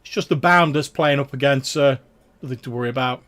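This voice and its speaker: A man doing a loud, bossy town guard. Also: medium pitch, brisk, voice pushed up, close to an everyday voice. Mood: chatty. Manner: bossy, loud, chummy with strangers. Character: gruff male town guard in red tabard.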